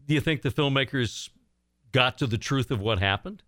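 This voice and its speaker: A man hosting a radio show in casual chat, easygoing and quick to laugh. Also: medium pitch, a bit bright, no echo, clean studio sound. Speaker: radio host.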